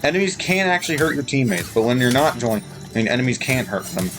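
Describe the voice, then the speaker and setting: Male let's-play commentator, casual rambling, lively pitch, light game music. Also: quick pace, rough recording. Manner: rambling, self-correcting explanations. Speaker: gameplay streamer.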